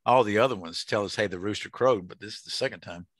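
A man's voice: on the low side, quick pace, no echo. A man, teaching a casual Bible study to an online group. He jokes and asks the group questions.

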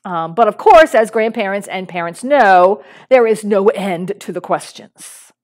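A middle-aged woman pastor preaches in a relaxed, conversational style with fillers and restarts, her voice expressive, unhurried and somewhat dark. While telling a story, she raises her voice to play a little boy's lines.

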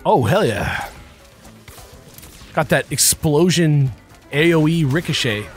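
A man's voice: a little high, lively intonation, slow, soft background music. A man playing through a game on a let's play show, cursing and sarcastic in casual commentary. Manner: profane, exasperated and sarcastic.

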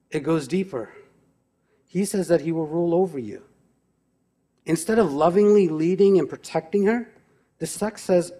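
A man delivers a church sermon as pastor, driving his points home with a run of emphatic rhetorical questions. His voice sits fairly high for a man, yet its tone is mellow and warm.

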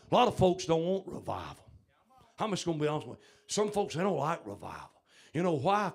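A man preaching a revival sermon in a church, fiery and emphatic, often shouting. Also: a little high, creaky, husky. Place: church service.

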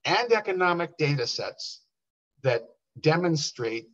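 A man speaking at a workshop, telling a story with animated bursts when he quotes people. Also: on the high side, a little slow. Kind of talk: storytelling talk. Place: workshop room. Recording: dull lo-fi workshop recording.

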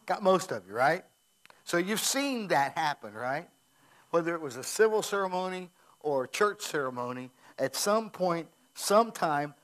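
A fairly high-voiced American man preaching a sermon from a church stage. He talks in a conversational way and repeats his points for emphasis. Now and then he drops almost to a whisper. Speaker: pastor. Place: church sanctuary.

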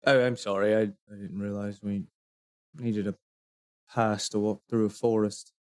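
A man's voice: on the low side, little pitch movement, unhurried, natural voice. A man playing a cocky, menacing adventurer. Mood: sarcastic. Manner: slangy, calls people mate, veiled threats. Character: cocky young male adventurer, quietly menacing.

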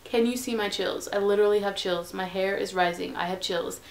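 A woman's voice: mid-range voice, fairly even intonation, a little fast, a little hiss or hum. A woman gushing through a casual haul vlog from her bedroom, bubbly and chatty, sometimes dropping to a whisper. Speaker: haul vlogger.

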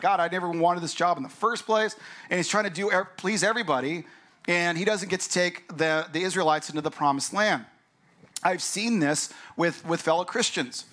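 A man's voice: high voice, a bit bright. A male pastor giving a conversational sermon, acting out the voices of the people he quotes.

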